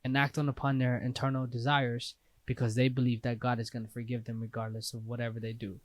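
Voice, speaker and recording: A man's voice: medium pitch, completely flat delivery, quick pace, no echo. A man in casual conversation, talking loosely and hesitantly with lots of slang fillers. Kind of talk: casual faith discussion.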